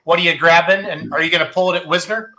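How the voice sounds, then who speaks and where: A man's voice: on the high side, steady tone, quick pace, crowd noise. A man from Iowa with a Wisconsin accent, hosting a casual chat in a jokey, upbeat way. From Iowa, raised in Wisconsin. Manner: jokey, upbeat, laughs often. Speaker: podcast host.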